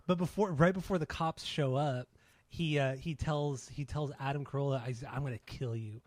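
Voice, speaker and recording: A man's voice: on the high side, fairly even intonation, moderate pace, darkish tone, no room sound. A man co-hosting a podcast, telling stories in loose, profane casual chat and laughing often. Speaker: podcast co-host.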